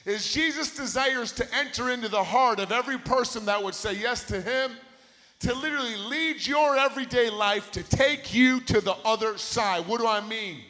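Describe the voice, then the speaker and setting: A man with a high voice preaches a sermon in a big hall, and his words ring out with a long echo. He retells a story with growing intensity and repeats his points for emphasis, holding a handheld mic. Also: sharp tone. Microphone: handheld microphone.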